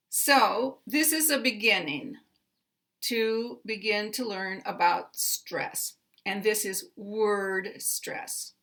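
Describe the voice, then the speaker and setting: In a slow instructional explanation, a pronunciation teacher carefully enunciates and repeats example words. She is American, with a bright voice at medium pitch, and her manner is deliberate.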